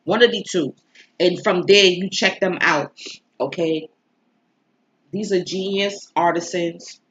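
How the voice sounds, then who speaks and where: A woman's voice: on the low side, slow pace, fairly bright tone, a little hiss or hum. A woman tarot reader telling viewers a personal story in a casual, candid, emotional way, swearing freely. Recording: slightly dull lo-fi recording.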